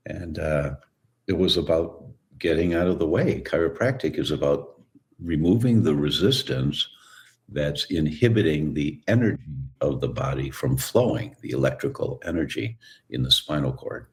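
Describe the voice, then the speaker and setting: A man with an extremely low voice speaks as an interview guest, unhurried and conversational. He tells stories and slips briefly into the voices of people he quotes. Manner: relaxed storyteller who acts out quoted voices. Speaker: guest, chiropractor. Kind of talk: storytelling interview answer.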